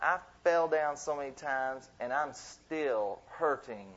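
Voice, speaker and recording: A man gives a sermon to a youth group in a loose, conversational style, drifting into playful asides and building toward emphatic points. His voice is somewhat high for a man, slow and a bit bright, and the recording sounds dull and lo-fi.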